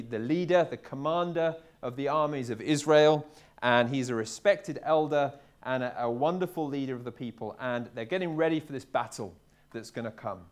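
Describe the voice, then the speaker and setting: A medium-pitched English man delivers a sermon to a live congregation in a church hall. His manner is easygoing and conversational, and he frequently repeats words mid-thought.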